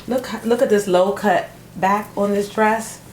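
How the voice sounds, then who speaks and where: A middle-aged woman chatting casually to camera about thrift finds, telling stories with animated energy and calling her viewers y'all. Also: mid-range voice, measured pace. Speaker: thrift vlogger. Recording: echoey room with faint noise.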